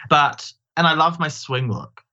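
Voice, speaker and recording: A man who performs in drag, chatting as an interview guest in an animated, self-deprecating way. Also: a little high, unhurried, muffled recording. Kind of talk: casual interview chat.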